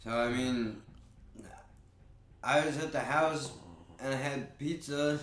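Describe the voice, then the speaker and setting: A man's voice: fairly high pitch, steady tone, slow, fairly bright tone, echoey room. A man co-hosting a casual podcast who talks in a laid-back, reflective way. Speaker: podcast co-host.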